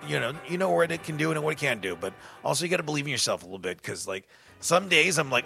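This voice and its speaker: A man's voice: on the high side, big pitch swings, rapid-fire, vocal fry, over music. A man hosting a radio show, chatting casually and rambling between songs with self-deprecating asides. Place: radio studio.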